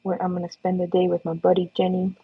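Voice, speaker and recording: A woman's voice: lowish voice, completely flat delivery, fast, husky. A woman face painter chatting casually on a livestream while she paints, encouraging her viewers and talking to her dog. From Florida. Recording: slightly dull lo-fi livestream audio.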